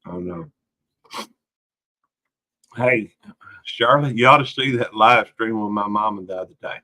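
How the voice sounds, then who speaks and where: A man's voice: mid-range voice, animated, measured pace, vocal fry, bright, forceful tone, poor audio. A man hosting a casual late-night livestream, rambling in a folksy way and greeting viewers by name. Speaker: livestream host.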